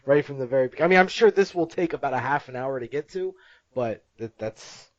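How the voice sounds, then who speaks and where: A man hosting a casual podcast, talking in long rambling runs and breaking into laughs at his own jokes. His voice sits at an average pitch. The recording is dry and a bit muffled. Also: animated, fairly quick, dry recording. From Italian-American family. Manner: rambling, laughs often, jokey. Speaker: podcast host.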